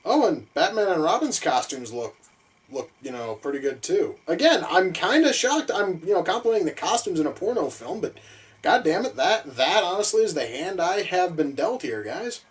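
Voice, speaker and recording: A man's voice: big pitch swings, moderate pace, husky, poor audio. Exasperated, foul-mouthed male movie reviewer. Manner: exasperated, sarcastic ranting with sudden high-pitched outbursts. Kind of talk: profane reaction commentary.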